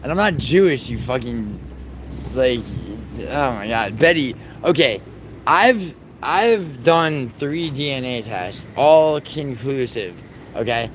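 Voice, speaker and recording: A man's voice: medium pitch, animated, slow pace. Young New man ranting outdoors. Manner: profane, teasing banter with chat. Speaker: livestreamer. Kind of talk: casual livestream chat with viewers. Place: outdoors on a city street. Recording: faint street and traffic noise.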